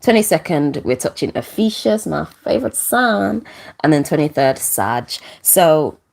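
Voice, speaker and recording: A woman's voice: sits low, big pitch swings, a little slow, gravelly, darkish tone. A woman hosting a casual live astrology talk, rambling with many fillers and restarts, emotional and close to tears, laughing between points. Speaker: astrology channel host. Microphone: camera.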